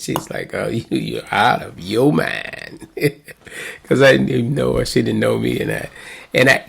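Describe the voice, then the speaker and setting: A man's voice: mid-range voice, vocal fry, husky. A middle-aged man, a pastor, casually telling a rambling story with chuckles and restarts. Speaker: pastor and host.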